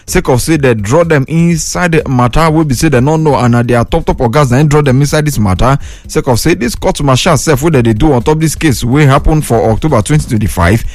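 A Nigerian man reading radio news with a Nigerian Pidgin accent, in a brisk, chatty newsreader style. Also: mid-range voice, no echo.

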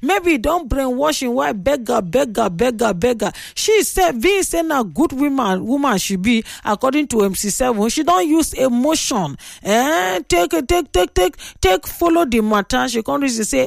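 Gravelly Nigerian woman radio host. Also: sits high, lively intonation, moderate pace, dry recording, clean studio sound. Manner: chatty, opinionated storytelling. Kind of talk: casual radio talk.

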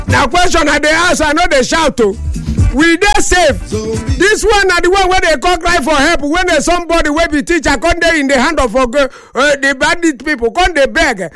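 A man's voice: very high-pitched, expressive, brisk, pushed and bright, soft background music. A man with a Nigerian Pidgin accent, hosting a radio show in a studio and giving impassioned commentary full of rhetorical questions. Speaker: radio host.

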